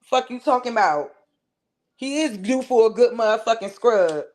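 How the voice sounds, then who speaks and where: A fiery woman with a D.C. tears into someone on her live stream. Her voice sits a bit high and flies higher when she yells. The talk is profane and cutting, with sudden shouts. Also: lively intonation, normal speed. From Washington, D.C. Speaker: channel host ranting on a live stream. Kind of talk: heated live-stream rant.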